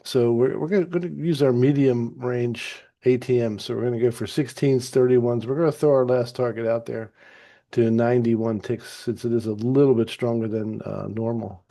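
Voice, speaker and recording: A man calmly narrating a trade replay as a trading teacher, easygoing and explanatory with some fillers and restarts. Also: medium pitch, moderate pace, creaky. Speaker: trading educator. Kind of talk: narrated chart walkthrough.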